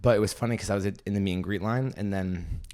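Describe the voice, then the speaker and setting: A young man hosting a comedy podcast, telling a story in animated, gossipy casual chat, often breaking into loud laughs. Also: deep voice, fast. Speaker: podcast host and stand-up comedian.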